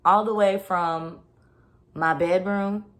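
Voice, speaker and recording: A woman vlogger rants bluntly and casually through a personal story, swearing freely and saying "like" constantly. Her medium-pitched voice is slow, with fairly even intonation.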